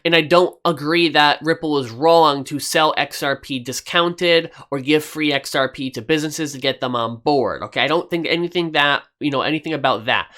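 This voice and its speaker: A man's voice: a little high, sharp tone. A man hosting his own finance video, giving his opinions in a casual, conversational way, with lots of "you know" and "okay".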